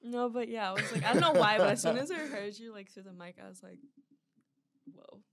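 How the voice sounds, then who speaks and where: Creaky-voiced woman radio host. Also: mid-range voice, lively intonation, fast talker, fairly bright tone. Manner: chatty, searching for words, many "like" fillers. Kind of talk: casual interview chat. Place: radio studio.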